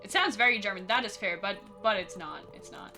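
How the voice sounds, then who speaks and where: A woman streamer giving chatty, animated live commentary on a horror game. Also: medium pitch, fairly quick, faint music behind. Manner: chatty and animated, reacting out loud.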